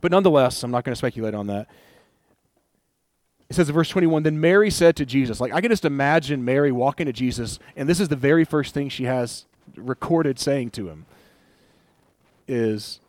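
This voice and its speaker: Speaking briskly, a man gives a sermon as a pastor in an easygoing, talkative manner, animatedly performing the words of people in the passage. The recording is dry, and his pitch is medium.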